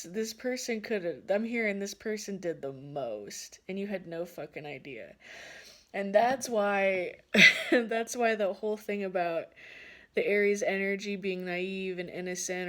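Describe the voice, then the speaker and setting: A woman's voice: lowish voice, a bit bright. A woman giving a casual tarot reading who laughs often and swears freely. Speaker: tarot card reader.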